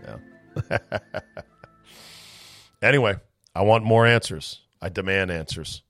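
Male host, mid pitch, dry close mic; ranting and incredulous, big swings between loud bursts and mutters. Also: moderate pace, dry recording, faint music behind. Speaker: podcast host. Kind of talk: animated monologue and casual chat.

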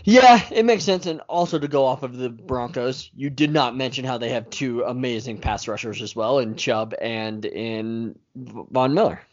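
A man's voice: medium pitch, normal speed, highs cut off. A young man co-hosting a casual sports podcast, easygoing and teasing as he runs through news items. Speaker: podcast co-host.

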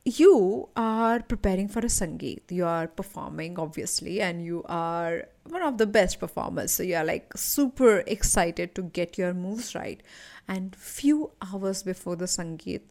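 A woman, a coach hosting a podcast, telling an animated motivational story and calling the listener her friend. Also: fairly low pitch, a little slow, creaky. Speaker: leadership and anti-anxiety coach, podcast host.

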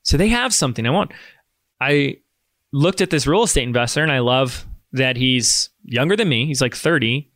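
A man's voice: mid-range voice, animated, moderate pace, fairly bright tone, dry recording. A man hosting a podcast, talking through a motivational monologue with rambling enthusiasm and self-deprecating jokes. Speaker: podcast host.

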